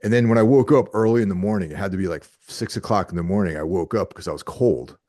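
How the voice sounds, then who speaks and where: Low-voiced man telling tour stories. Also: fast. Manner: storytelling, animated quoted asides. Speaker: podcast guest. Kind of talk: casual chat.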